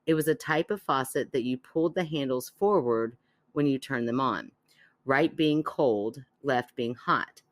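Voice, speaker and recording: A woman's voice: extremely low pitch, no room sound. A woman co-hosting a podcast, chatting casually and cold-reading a listener's letter aloud, laughing easily and teasing.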